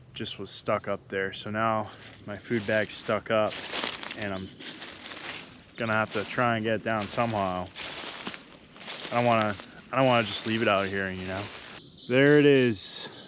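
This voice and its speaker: A man vlogging a solo camping trip at a forest campsite, talking casually to the camera as he cooks and camps. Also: fairly low pitch. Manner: easygoing, talks to camera while cooking, sometimes murmurs softly. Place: forest campsite outdoors by a fire. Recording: outdoor noise in the background.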